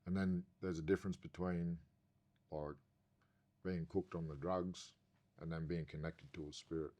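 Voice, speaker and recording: A very low-voiced Australian man tells a story the way he'd tell it to a mate. He drifts and circles back as he goes, swearing in nearly every sentence, loose and animated. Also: moderate pace. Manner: swears constantly, rambling and animated. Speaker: podcast guest. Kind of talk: casual storytelling.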